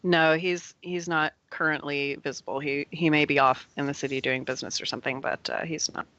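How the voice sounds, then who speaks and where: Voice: mid-range voice, fairly even intonation, brisk, pushed and bright. A game master narrating a tabletop game in a casual, easy-laughing way. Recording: dry lo-fi audio.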